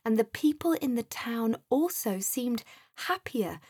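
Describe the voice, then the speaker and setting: Slow, soothing woman storyteller. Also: a little high, expressive, a little mellow, slightly rough, no echo, clean studio sound. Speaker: narrator. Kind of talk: storybook narration.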